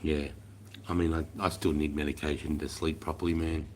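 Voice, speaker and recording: Flat and fairly quick, a very deep-voiced Australian man in his forties rambles on a casual livestream he hosts. He swears freely, calls everyone mate, and his sentences often fade to a mutter. A little hiss or hum sits under the audio.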